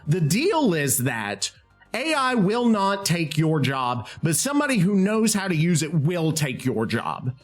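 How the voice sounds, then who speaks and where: Excitable swearing man, lively pitch. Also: unhurried, soft background music. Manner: excitable, swears freely, rambling. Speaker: host. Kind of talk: casual talk while using AI tools.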